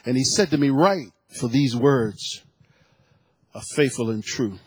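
A man preaching a sermon, reading scripture and rising into shouted, emotional fervor. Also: mid-range voice, measured pace, husky, dry recording. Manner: builds from calm teaching to shouted, emotional fervor; reads scripture aloud between comments.

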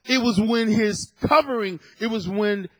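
Male pastor, sermon, emphatic, husky, dry close sound. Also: high-pitched, unhurried, a bit bright, no room sound, rough recording. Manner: emphatic preaching, often chuckling, asking the congregation questions.

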